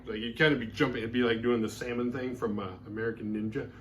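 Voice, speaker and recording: A man's voice: medium pitch, fairly even intonation, quick pace, fairly bright tone, slight background noise. A man hosting a horror movie review show, recapping a film in a casual, rambling way with lots of filler words. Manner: rambling, heavy use of "like" fillers.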